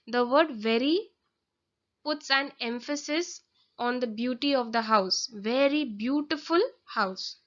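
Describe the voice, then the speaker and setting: A woman's voice: on the high side, a bit bright. A woman teaching a grammar lesson, explaining carefully step by step and sometimes correcting herself. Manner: careful, explanatory, with small slips and self-corrections. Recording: dull lo-fi audio.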